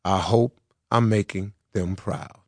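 A man's voice: on the low side, fairly even intonation, slow, dry recording. A man reading his own book aloud as an audiobook, with earnest, personal storytelling. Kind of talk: audiobook narration. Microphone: close studio mic. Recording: dry studio sound.

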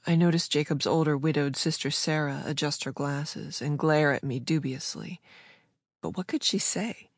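A woman with a low-pitched voice reading a story aloud, smooth and measured in her delivery. The recording is dry and close, with no room sound around her. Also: no echo. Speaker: audiobook narrator. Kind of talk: scripted narration.

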